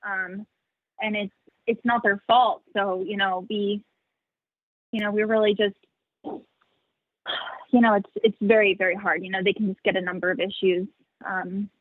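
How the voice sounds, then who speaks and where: A woman's voice: mid-range voice, little pitch movement, a little slow, pauses often, no room sound. A young woman giving casual interview answers about her animal sanctuary, chatty, full of "like" fillers and frequent laughs. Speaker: sanctuary founder, interview guest. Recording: dry, phone-like narrow sound.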